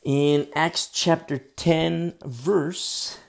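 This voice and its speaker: A pastor giving a conversational sermon, reading scripture aloud and explaining it, with frequent "you know" fillers. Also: male voice, fairly high pitch, fairly even intonation, extremely slow, gravelly. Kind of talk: expository sermon.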